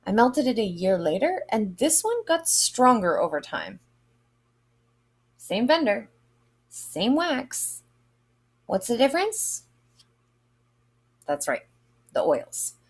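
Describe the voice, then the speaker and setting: A woman's voice: on the high side, slightly rough. Chatty woman vlogger reviewing melts. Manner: lively, expressive, drawn-out exclamations.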